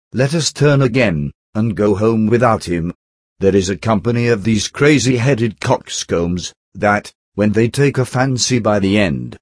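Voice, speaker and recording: A man reading an old-fashioned allegory aloud as narrator, in a measured manner and close on a dry recording. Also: fairly low pitch, no echo. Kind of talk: scripted narration.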